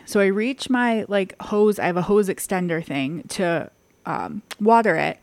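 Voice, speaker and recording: A woman hosting a casual podcast, telling stories in an animated way. Her voice jumps high when she acts out her own panic. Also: moderate pace, no room sound. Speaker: podcast host. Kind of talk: casual chat.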